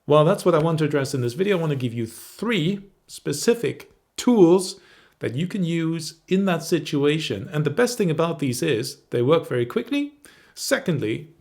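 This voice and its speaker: A middle-aged man, a confidence coach, teaching straight to camera in a calm, measured way. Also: fairly high pitch, creaky. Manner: calm, measured, demonstrates intonation.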